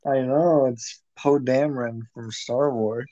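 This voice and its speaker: Brief: young podcaster, unhurried drawl, dead-dry close sound, laughs a lot. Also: mid-range voice, steady tone, warm tone, no room sound, muffled recording. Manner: laid-back, laughs often. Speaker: podcast co-host. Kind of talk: casual chat.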